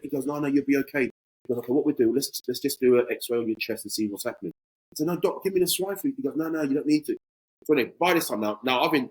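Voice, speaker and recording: A man's voice: mid-range voice, darkish tone, husky, low-quality recording. A man in his forties, a podcast guest telling a casual anecdote with animation and acting out both sides of conversations.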